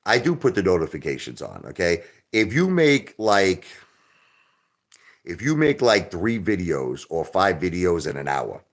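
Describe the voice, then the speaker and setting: Deep-voiced man rambling on a livestream. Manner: rambling, repetitive, swings between loud outbursts and low muttering; minces swear words into euphemisms. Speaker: livestream host. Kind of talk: casual livestream monologue.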